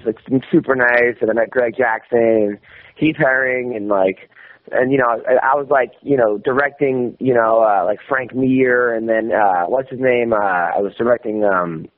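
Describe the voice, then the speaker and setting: A man's voice: medium pitch, normal speed. Male comedian phoning into a radio show, easygoing and rambling, mid-range voice over a tinny phone line. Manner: relaxed, rambling storyteller. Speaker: comedian guest calling in. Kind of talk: casual call-in chat.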